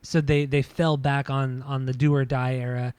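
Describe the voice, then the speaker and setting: A man co-hosting a podcast, giving a casual album review in halting speech full of restarts and fillers. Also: medium pitch, level tone, a little mellow, smooth, no room sound. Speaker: podcast co-host. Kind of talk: casual music review chat.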